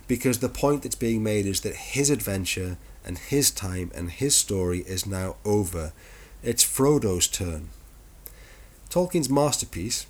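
Male podcast host, low husky voice, sardonic and sweary lecture. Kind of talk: opinionated monologue on literature.

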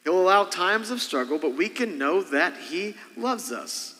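High, bright-voiced pastor preaching. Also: male voice, animated, unhurried, big-room sound, rough recording. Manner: asks the congregation frequent rhetorical questions. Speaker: senior pastor. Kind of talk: sermon.

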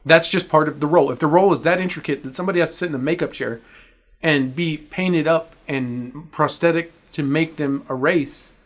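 A man hosting a casual podcast panel, opinionated and emphatic, often cutting in to make his point. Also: fairly high pitch. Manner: opinionated, emphatic, quick to interject. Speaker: podcast host.

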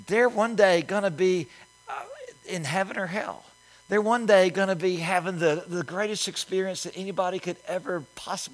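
Male pastor, forceful bright voice, emphatic sermon delivery. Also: high-pitched. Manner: emphatic preaching, swinging from loud to hushed. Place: church sanctuary.

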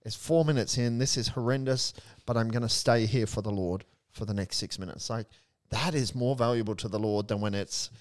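A young adult male priest in casual faith discussion, earnest and animated, telling stories with a touch of humor. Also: mid-range voice, a little fast, hardly any pauses. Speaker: Catholic priest, co-host.

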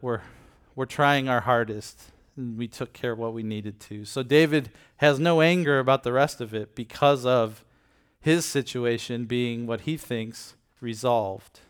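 A man giving a casual Bible teaching, retelling scripture in everyday words and checking in with listeners. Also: mid-range voice. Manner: addresses listeners with frequent "okay?" and "right?". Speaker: preacher.

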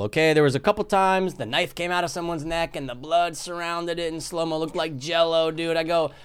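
A man's voice: on the high side, brisk, hardly any pauses, smooth. A man co-hosting a casual movie review podcast, laid-back and joking, often calling his co-host dude.

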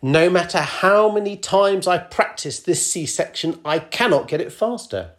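A woman's voice: lowish voice, animated, moderate pace. A middle-aged woman hosting a scripted podcast, self-deprecating and prone to mock alarm. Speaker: podcast host.

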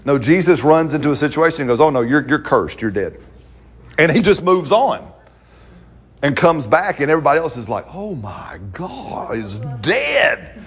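A man's voice: fairly high pitch, expressive, a little fast. A man preaching a sermon in a conversational, playful way, acting out quotes and laughing along with the congregation.

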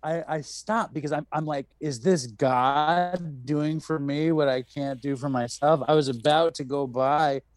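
A New York City man hosts a podcast, his voice on the high side, a little slow with few pauses, in a dry recording. In casual chat he tells a story animatedly, acting out the people in it and swearing freely.

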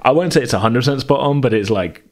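A man's voice: mid-range voice, lively intonation, fast talker, darkish tone. A man, a podcast host, chatting casually with lots of laughs and rambling fillers. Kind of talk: casual chat.

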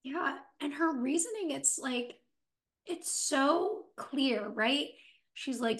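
A woman co-hosting a casual TV recap podcast, her voice pitched somewhat high. She talks in a reflective, analytical way about characters' feelings. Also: expressive, slow pace. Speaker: podcast co-host.

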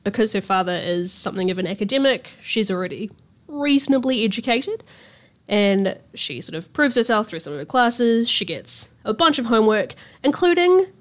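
A woman's voice: a little high, lively intonation, moderate pace. A young woman casually retelling a novel's plot as a podcast host, chatty, swearing freely and acting out the characters' lines. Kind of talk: casual book recap.

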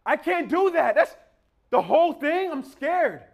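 A whining, overwhelmed child drags out every complaint, as a preacher puts the kid on. The voice jumps very high and loud, and the words are stretched slowly. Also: male voice, big pitch swings, vocal fry, exaggerated voice. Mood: whiny. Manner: drawn-out, whiny complaining. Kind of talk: preacher acting out a quote in a sermon.

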